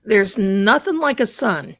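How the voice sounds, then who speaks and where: A woman's voice: mid-range voice, big pitch swings, slow, gravelly, slight background noise. A middle-aged woman telling a personal story on a live stream, acting out the voices of the people in it with emotion. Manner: emotional, acts out quoted voices. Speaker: psychic guest telling her story.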